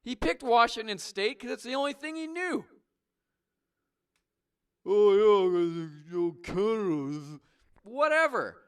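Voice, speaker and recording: A man's voice: high voice, very animated, smooth. A man hosting a comedic call-in show as a blustering patriotic trucker who argues with callers. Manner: bombastic, blustering, quick to argue.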